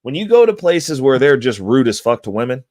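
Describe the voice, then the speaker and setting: A man spins long, profane stories in a loose, chatty way, breaking into laughter here and there. His voice sits in an ordinary middle pitch. The sound is close and dry, with no room around it. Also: fairly quick, no echo. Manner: profane, laughing, animated storyteller. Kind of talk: casual storytelling chat.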